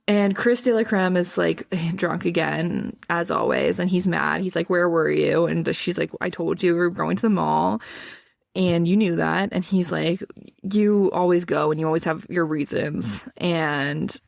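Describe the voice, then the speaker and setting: A woman's voice: fairly low pitch, creaky. A woman co-hosting a podcast, chatting casually through a book recap, reading passages aloud and laughing often. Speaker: podcast co-host.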